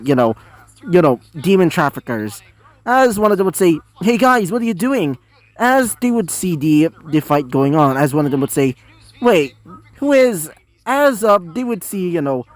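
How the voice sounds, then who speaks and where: A man's voice: on the high side, no echo. Rambling man narrating a fan story. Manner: rambling, many fillers and restarts. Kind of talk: casual improvised story narration.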